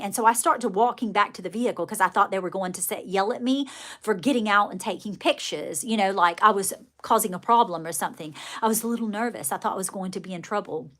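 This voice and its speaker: A woman's voice: mid-range voice, brisk, a bit bright. A woman telling a rambling story live to her viewers, chatty and folksy, full of fillers and restarts. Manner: folksy, addresses viewers directly. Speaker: live streamer. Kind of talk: casual live-stream storytelling.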